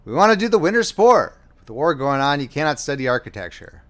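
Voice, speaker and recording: A man's voice: a little high, sing-song, quick pace, fairly bright tone. A man voicing a young American officer on the run, talking in an earnest, play-along way.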